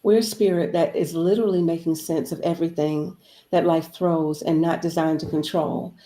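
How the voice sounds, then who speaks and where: Woman guest speaker, preachy and emphatic, mellow warm tone, echoey room. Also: deep voice, fairly even intonation, normal speed. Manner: preachy, emphatic, repeats phrases. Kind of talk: inspirational talk.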